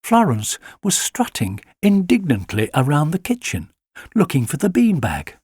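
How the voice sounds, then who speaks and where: A man giving an expressive audiobook reading of a children's story. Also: fairly high pitch, moderate pace, husky, no echo, studio quality. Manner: lively and expressive. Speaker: audiobook narrator.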